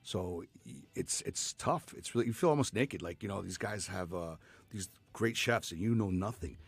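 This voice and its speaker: A man's voice: deep voice, normal speed, vocal fry, breathy edge, no echo, soft background music. A man in his fifties, a chef guest in a radio studio, chatting casually with many fillers and restarts. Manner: rambling, lots of fillers and restarts.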